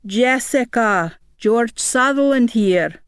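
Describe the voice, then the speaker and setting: A woman's voice: lively intonation, clear, resonant tone, dry recording, clean studio sound. Jovial Scottish male inspector, a woman reading him in a put-on accent, teasing, bouncy delivery. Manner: slow, teasing, higher than a man's voice. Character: jovial middle-aged male Scotland Yard inspector. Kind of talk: audiobook character reading.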